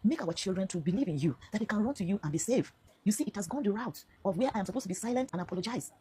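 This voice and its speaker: A woman's voice: medium pitch, animated, very fast, warm tone, slight background noise. A Nigerian woman in her fifties giving an earnest, emphatic personal testimony to camera, now and then slipping into Pidgin phrases. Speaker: vlogger telling her own story.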